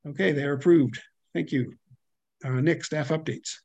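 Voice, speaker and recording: A man chairing a public commission hearing, halting and full of fillers and self-corrections, speaking over a video call. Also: fairly high pitch, fairly even intonation, vocal fry, a little mellow, no echo.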